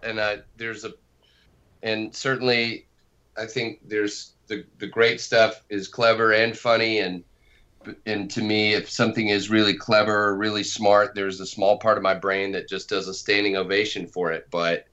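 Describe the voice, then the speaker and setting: Bright-voiced chatty man, low pitch. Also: flat delivery, normal speed, dull audio. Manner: chatty, laughs easily, self-deprecating. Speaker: co-creator and podcast guest. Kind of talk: casual conversation.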